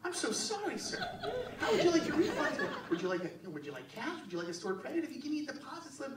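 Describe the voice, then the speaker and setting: A man's voice: wildly swooping pitch, quick pace, full character voice. A man putting on a gushing, overly polite clerk. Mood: gushing politeness. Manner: high, gushing, apologetic. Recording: echoey room, distant mic, crowd.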